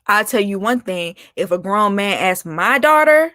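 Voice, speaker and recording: Sassy animated woman ranting. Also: mid-range voice, moderate pace, few pauses, no echo, studio quality. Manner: animated and sassy, laughing, calling out with "honey" and "baby". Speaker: vlogger host. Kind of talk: casual opinion rant.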